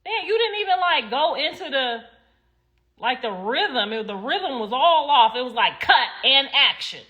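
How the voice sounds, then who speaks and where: A woman ranting on a casual livestream, blunt and heated, swearing freely and swinging between loud outbursts and low mutters. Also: lively intonation, moderate pace.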